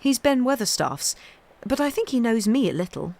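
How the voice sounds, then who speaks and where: A woman's voice: a little high, big pitch swings, normal speed, vocal fry, a little mellow, pitched above the performer's own voice, full character voice. A woman reading a storybook aloud, voicing a shy young girl who speaks a little stiffly in a raised voice.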